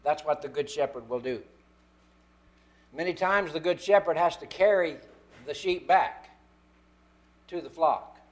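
A man delivers a sermon in a fairly high voice. He leans on key phrases, slowing down to stress them one word at a time. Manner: emphatic, slow stresses on key words. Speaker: preacher.

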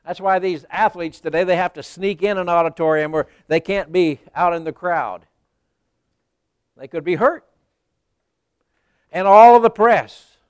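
A male preacher giving a sermon in a folksy storytelling way, talking right to the congregation and rising to loud emphasis. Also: high voice, unhurried, pauses often, smooth, no room sound.

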